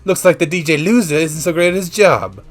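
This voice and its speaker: A man voicing a gruff, mocking male train conductor with a put-on Scottish accent. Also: on the high side, very animated, a little fast, soft background music. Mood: gloating. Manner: taunting, gloating.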